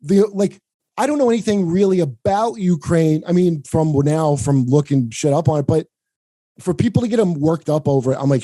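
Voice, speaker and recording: Rambling, profane podcast host with a higher-set, dark voice. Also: male voice, expressive, normal speed, no room sound. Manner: profane, rambling, laughs often; mimics people in higher voices. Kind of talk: casual chat.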